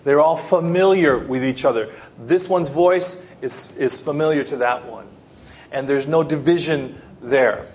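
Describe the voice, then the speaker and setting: A man preaching a sermon as pastor, emphatic and repetitive, with halting restarts and fillers, sinking to hushed low lines.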